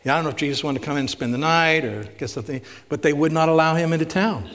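Male pastor, fairly high voice, easy conversational sermon, long hall reverb. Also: rapid-fire, a bit bright. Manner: asks rhetorical questions, retells stories with emphasis.

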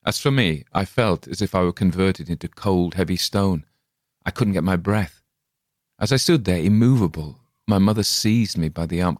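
Man, very low voice, dry close sound, measured grave storytelling. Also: darkish tone, no room sound. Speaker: audiobook reader. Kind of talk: scripted narration.

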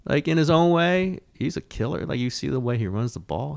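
A middle-aged man hosting a casual sports talk show, rambling and animated, with frequent restarts and the odd swear. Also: fairly low pitch, moderate pace, creaky, few pauses, clear, resonant tone. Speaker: sports columnist and podcast host.

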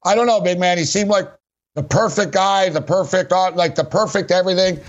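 A man's voice: sits high, fairly quick, dull audio, soft background music. A middle-aged man hosting a sports radio show, talking bluntly and rambling about betting and football. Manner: rambling, blunt, keeps saying "big man". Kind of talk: casual sports betting talk.

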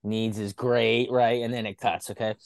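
A man co-hosting a casual comedic wrestling podcast, telling a joke scenario with animated storytelling and acting out quoted lines. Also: on the low side, moderate pace, creaky, clean tone, dry recording, clean studio sound. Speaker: podcast co-host.

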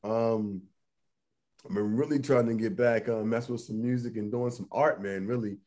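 A man's voice: medium pitch, steady tone, moderate pace, darkish tone. A man, co-hosting a podcast in a joking casual chat and laughing often. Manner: jokey, laughs often, trails off into mumbling. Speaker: podcast co-host.

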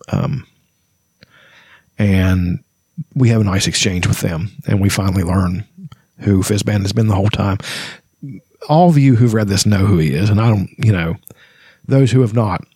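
Lowish man rambling about a book. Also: a little mellow, slightly rough, no echo. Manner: rambling, hesitant, full of "you know". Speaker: book reader and reviewer. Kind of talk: casual book commentary with read-aloud passages.

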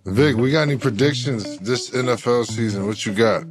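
A man's voice: medium pitch, normal speed, over music. A man hosting a casual podcast chat, easygoing and slangy. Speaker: podcast host.

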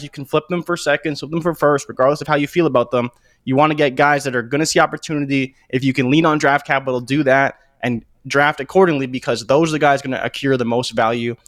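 A man co-hosting a sports podcast, explaining draft strategy in a measured way. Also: on the high side, fairly bright tone, dry recording, clean studio sound. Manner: explanatory, measured, reads chat comments. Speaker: podcast co-host. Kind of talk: casual sports analysis.

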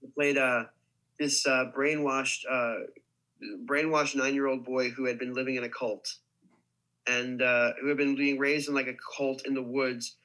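A man's voice: mid-range voice, level tone, a little slow, pushed and bright, low-quality recording. Young man rambling through a story. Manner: rambling, many restarts and likes. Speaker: actor guest. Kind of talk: casual storytelling.

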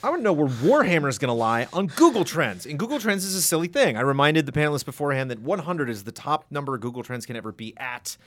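A podcast host in easy conversation, his voice swooping up and down as he tells stories. He is animated and playful, jumping into little voices. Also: on the high side, quick pace, hardly any pauses. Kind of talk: casual chat.

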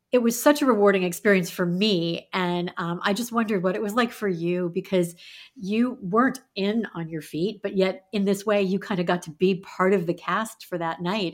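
A woman's voice: mid-range voice, moderate pace. A woman interviewing a guest, asking long, friendly questions. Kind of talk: casual interview.

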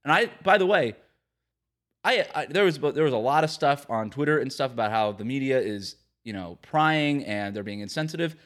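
A man's voice: medium pitch, lively intonation, normal speed, fairly bright tone. A man hosting a sports podcast, delivering an emphatic, ranting opinion monologue. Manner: emphatic, ranting, mocks quotes with put-on voices. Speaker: podcast host.

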